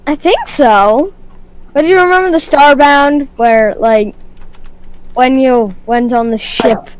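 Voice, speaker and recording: A woman co-playing on a gaming stream, excitable and giggly, with dramatic outbursts. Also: sits high, takes it slowly, slight background noise, poor audio. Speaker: stream co-player. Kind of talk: casual gaming stream chat.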